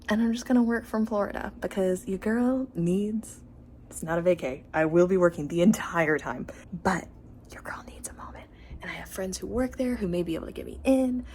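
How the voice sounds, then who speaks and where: A woman's voice: on the low side, lively intonation, moderate pace, darkish tone, a little hiss or hum. A young woman hosting her vlog, chatting in a bubbly way and dropping into whispers. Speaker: vlog host. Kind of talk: casual vlog chat.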